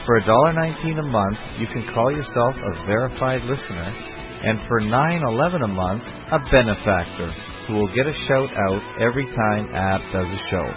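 A man's voice: medium pitch, animated, a little fast. A man reading a short donation appeal as a plain announcement. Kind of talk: sponsor appeal read. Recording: dull audio with music behind. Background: music.

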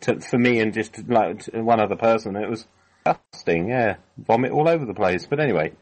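A man's voice: on the low side, a little fast, low-quality recording. A British man as a guest in a casual chat, telling stories in a meandering way. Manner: lively, meandering storyteller.

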